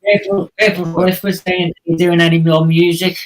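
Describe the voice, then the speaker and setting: A man's voice: high voice, little pitch movement, normal speed, a crowd in the background, poor audio. A man hosting a live stream, rambling in an easygoing way and chuckling between points. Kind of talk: casual chat.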